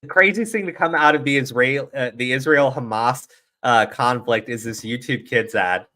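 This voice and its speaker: A man's voice: mid-range voice, moderate pace, pushed and bright. A man giving profane, heated, sarcastic commentary on a livestream. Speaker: streamer commentator.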